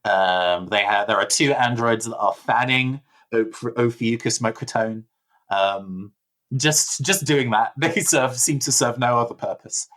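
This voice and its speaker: A man narrating a tabletop game as game master, in a measured way with frequent hesitations. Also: mid-range voice, fairly bright tone, rough recording.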